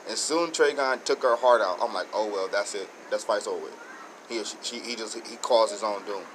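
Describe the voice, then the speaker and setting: A man with a fairly low voice talks through a show episode in a loose, excitable way, restarting sentences as his thoughts run ahead. A steady hum of air conditioning and background noise sits under his voice. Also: a little fast, poor audio. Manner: rambling, excited, many restarts. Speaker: show host reviewing episodes. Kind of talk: casual solo review.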